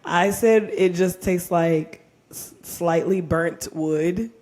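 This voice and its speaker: A woman's voice: fairly low pitch, slow, a little mellow. A tipsy woman co-hosting a podcast at home, joking bluntly and swearing in loose, casual chat. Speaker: podcast co-host.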